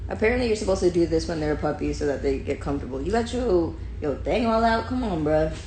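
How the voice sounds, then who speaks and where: A woman's voice: fairly low pitch, animated, quick pace, dark tone, slight background noise. A young woman with a New York accent on a casual phone livestream at home, switching between slangy chat with viewers and playful baby talk to her puppy. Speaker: social media personality. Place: home, indoors.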